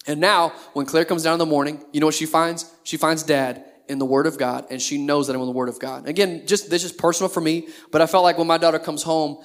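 A man's voice: a little high, flat delivery, quick pace, few pauses. A man in his thirties, a pastor preaching a sermon in a conversational way, full of rhetorical questions.

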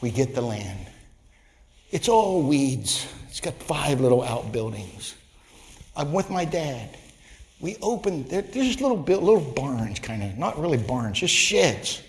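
A man, a pastor, telling a folksy story in a sermon, growing animated and loud at its climax. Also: medium pitch, unhurried, long reverb tail. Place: church sanctuary.

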